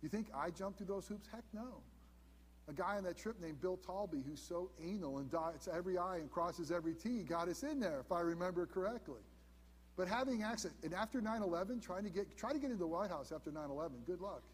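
A man in his fifties preaching a sermon as pastor, earnest, dropping to hushed emphasis on key points. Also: sits high, animated, a little fast, big-room sound, slight background noise. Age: 50s. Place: church sanctuary.

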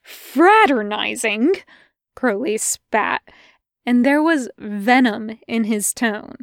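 Smooth-voiced woman reading a podfic. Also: fairly high pitch, slow, dry recording, clean studio sound. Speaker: podfic reader. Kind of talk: fan fiction audiobook narration.

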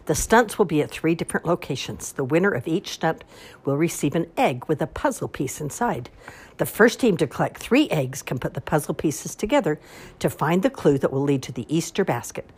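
A woman voicing a showy grand marshal in a storybook read-aloud, loud and theatrical, announcing the contest. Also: low voice, very animated, fairly quick, breathy edge, exaggerated voice.

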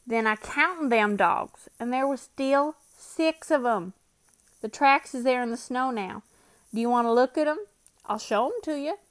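A woman's voice: fairly high pitch, a little slow, lightly acted. A woman voicing an uneasy grizzled sled-dog driver with a rustic backwoods dialect.

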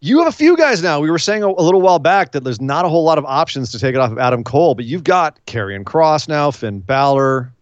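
A man co-hosting a casual wrestling recap, rambling and animated, often acting out what the wrestlers said. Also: a little high, fast, few pauses, no room sound, highs cut off. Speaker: wrestling podcast co-host.

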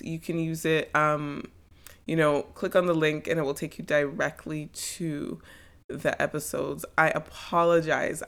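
A woman hosting a podcast, giving an earnest, apologetic announcement with some fillers before introducing her guest. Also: low-pitched. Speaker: podcast host.

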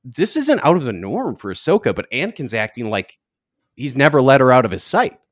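A man's voice: mid-range voice, big pitch swings, fairly quick, no echo, clean studio sound. A young man co-hosting a podcast, recapping an episode in a rambling, hedging, wry way. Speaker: podcast co-host.

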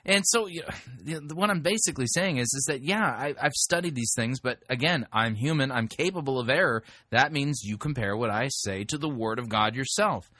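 A man's voice: mid-range voice, fairly quick, sharp tone, no echo, clean studio sound. A man hosting a talk radio show, speaking in an emphatic, conversational way with frequent restarts.

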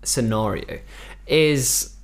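A young man co-hosting a podcast in casual chat, relaxed, swearing freely and laughing often. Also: medium pitch, drawn-out words. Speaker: podcast co-host.

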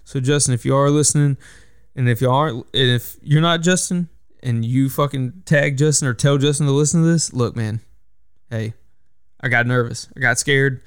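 A young man tells a story on his own podcast, rambling and cursing, circling back to fix his words as he goes. His voice is smooth and resonant. The sound is dry and close, with no room around it. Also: mid-range voice, moderate pace, dry recording. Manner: rambling, profane, self-correcting storyteller. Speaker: podcast host. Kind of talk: casual solo podcast storytelling.

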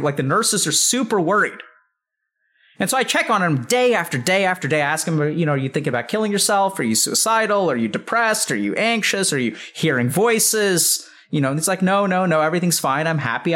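A man's voice: a little high, animated, fast, a bit bright. Casual swearing man telling a story. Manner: rambling, heavy use of "like", swears freely. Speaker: psychiatrist, podcast guest.

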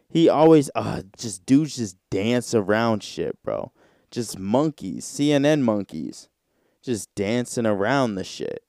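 A man's voice: medium pitch, a little mellow, smooth, no room sound, clean studio sound. A man hosting a solo podcast, talking loosely and casually with lots of slang. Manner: loose, slangy, rambling with frequent "bro". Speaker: podcast host.

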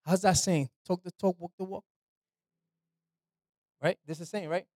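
A man's voice: high voice, fairly even intonation, measured pace, a little mellow, no echo. A man preaching an informal sermon in a loose, conversational way, often asking his listeners "right?" and dropping "man" into his talk. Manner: slangy, repeats "man" and "right".

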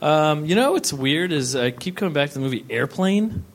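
A man on a live comedy panel, answering with dry deadpan jokes. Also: fairly high pitch, normal speed, slight background noise.

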